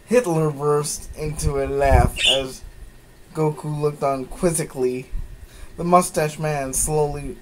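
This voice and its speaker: A man's voice: fairly high pitch, a little hiss or hum, low-quality recording. A man giving a mocking dramatic reading of fan fiction, breaking off with incredulous asides. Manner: incredulous asides, sighs and laughs. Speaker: comedic fan-fiction reader.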